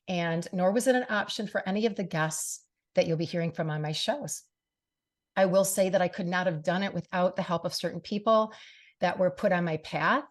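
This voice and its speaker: Middle-aged female talk host, heartfelt and earnest, slightly low pitch, lots of "you know". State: briefly tearful. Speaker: radio show and podcast host. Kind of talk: personal monologue to listeners.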